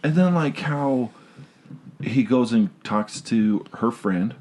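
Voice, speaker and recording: A man's voice: medium pitch, animated, takes it slowly, a little mellow. A man hosting a casual movie chat, loose and rambling with many ums.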